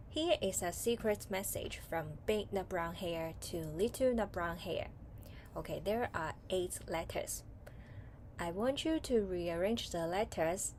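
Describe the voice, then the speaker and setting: A woman's voice: mid-range voice, darkish tone, a little hiss or hum. A woman with a Hong Kong English accent teaching a children's online English reading lesson, patient and asking questions. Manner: patient, asks questions and waits.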